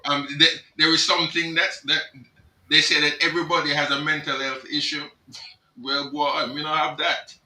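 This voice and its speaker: A middle-aged man, a reverend, speaking as a panellist on a video call, reflective and halting. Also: a little high, level tone, pushed and bright, slight background noise. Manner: reflective, halting, with restarts and a chuckle. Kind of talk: panel discussion. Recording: roomy, distant from the mic.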